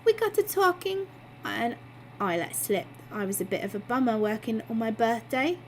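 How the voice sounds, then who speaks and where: Brief: cheeky barmaid, breezy and lively, put on by a woman reader in a storybook reading, slightly raised voice, faint room hum. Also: fairly high pitch, moderate pace.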